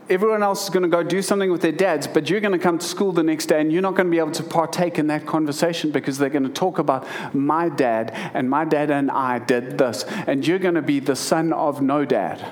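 A pastor in his thirties preaches a sermon in a fairly high, steady, brisk voice. He reads scripture, then tells a personal story earnestly and emotionally, often restarting his sentences.

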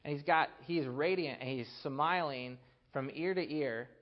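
A man preaching a sermon, earnest, building to emphatic peaks and dropping to a hushed voice to tell a story. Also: on the high side, measured pace, dull audio.

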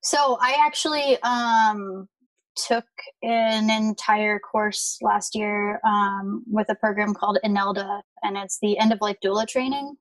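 A woman's voice: medium pitch, steady tone, a little slow, dry recording, distant mic, poor audio. A woman with end-of-life doula training explaining ideas helpfully, with fillers. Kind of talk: casual support-group sharing.

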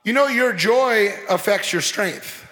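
A man preaching a lively sermon as pastor, joking and mimicking people as he talks. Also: high voice, slow. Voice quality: animated, playful, mimics people. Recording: long hall reverb.

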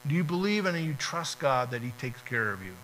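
A very animated pastor with a medium-pitched, slightly bright voice preaches fairly quickly, talking conversationally and acting out little prayers and dialogues. The low-quality recording has a little hiss or hum.

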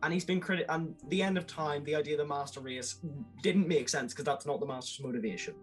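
A man talking enthusiastically as a podcast guest, with quick asides and laughs. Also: fairly high pitch, faint music behind, rough recording. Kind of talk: casual podcast chat.

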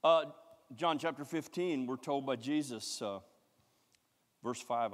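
A man preaching a sermon, emphatic and repetitive, swinging from loud to hushed. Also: mid-range voice, takes it slowly, long pauses. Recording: long hall reverb.

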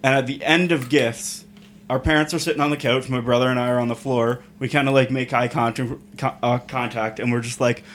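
A man's voice: mid-range voice, steady tone, fairly quick, fairly bright tone, slight background noise. A young man co-hosting a podcast, telling a story in a laid-back, casual way and laughing through his punchlines. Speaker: podcast co-host.

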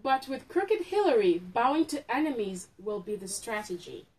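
A woman's voice: a little high, big pitch swings, normal speed, slightly rough, rough recording. A woman co-hosting a casual chat, teasing her partner dryly while reading a children's book aloud to a phone. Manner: dry, teasing. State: just back from the gym.

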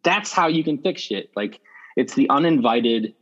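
A man speaking as a podcast guest, telling stories in a blunt, profane, animated way. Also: medium pitch, normal speed, highs cut off. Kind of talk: casual conversational interview.

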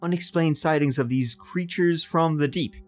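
A man's voice: on the high side, a little mellow, soft background music. Jokey male podcast co-host. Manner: jokey, swears, quick comic interjections. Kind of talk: casual chat.

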